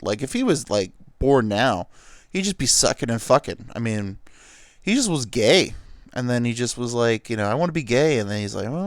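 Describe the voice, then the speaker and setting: A man's voice: mid-range voice, no echo. A man hosting a comedy podcast, riffing in a rambling, profane monologue full of filler words.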